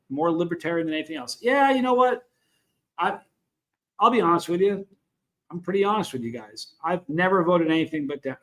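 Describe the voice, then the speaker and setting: Middle-aged Southern man, livestream host, slightly high voice, blunt and rambling, calls out chat names. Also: fairly bright tone. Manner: rambling, frank, greets viewers in chat.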